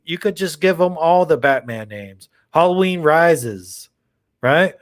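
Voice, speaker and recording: A man hosting a horror movie livestream, chatting casually with viewers in a rambling, excitable way and swearing now and then. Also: fairly high pitch. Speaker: horror channel livestream host.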